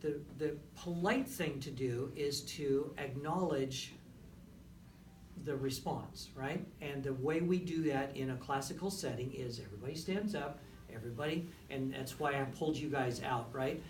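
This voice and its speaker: In a rehearsal room, a male music clinician coaches a brass ensemble at a normal pace and medium pitch, sounding encouraging and tacking "right?" or "okay?" onto nearly every point. The recording is roomy and distant, with faint background noise.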